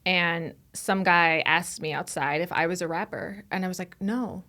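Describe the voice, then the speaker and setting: A woman's voice: lowish voice, pushed and bright. A woman comedian chatting as a podcast guest in a studio, playful and joking. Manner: playful, joking, quick to laugh. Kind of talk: casual chat.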